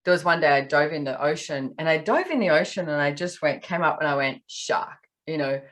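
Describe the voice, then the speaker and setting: An Australian woman in casual podcast conversation, telling animated stories and acting out what people said. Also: low-pitched, fast talker. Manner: animated storyteller, acts out quotes. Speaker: podcast guest.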